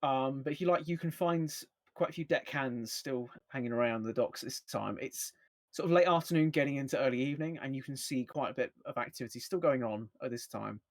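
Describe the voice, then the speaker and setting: Hesitant game master, dry sound. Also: male voice, mid-range voice, fairly quick, dry recording. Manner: hesitant, many ums. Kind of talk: narrating a tabletop game.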